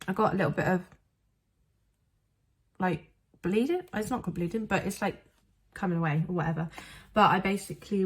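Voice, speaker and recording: A woman's voice: on the low side, no room sound. A woman chatting casually in a vlog from inside a car, filling her talk with "like" and dry, self-mocking asides. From England. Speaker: beauty student reviewing lipstick.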